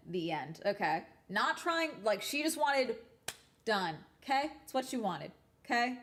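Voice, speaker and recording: A young woman talks to her stream in casual chat. She is blunt and swears freely. She tells her stories in an animated way, stopping often to check in with her listeners. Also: on the high side, a little slow, a little hiss or hum. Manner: blunt and profane, animated storytelling.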